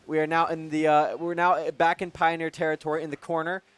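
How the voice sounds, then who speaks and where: A young man with a slightly high, smooth voice co-casts a college esports match. He calls plays and cheers for his team in a casual, partisan way, and he sounds dry and close on a headset mic. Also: little pitch movement, fairly quick, fairly bright tone, dry recording. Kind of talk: play-by-play and color commentary.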